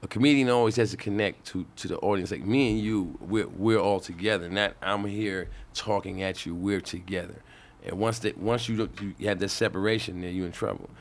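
A man's voice: deep voice, brisk. A male comedian telling a stand-up story in casual, profane talk, full of restarts.

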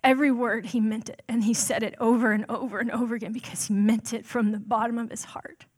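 A woman's voice: a little high, level tone, fast, darkish tone, husky. A woman on a church's staff giving a conversational sermon in a casual, self-deprecating way, with everyday fillers. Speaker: church staff member preaching.

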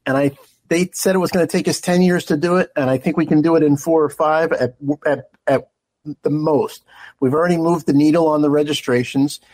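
A man's voice: fairly high pitch, fairly even intonation, fairly quick, darkish tone, no room sound, low-quality recording. A middle-aged man from Philadelphia, a guest on a radio show, answering in an earnest way with frequent restarts. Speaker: guest, party executive director. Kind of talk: radio interview.

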